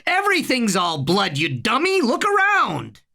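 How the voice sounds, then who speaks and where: A reader voicing a furious, panicking older boy who yells in a high, tinny voice in a storybook reading. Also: animated, slow. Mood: shrill panic. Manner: shrill yelling.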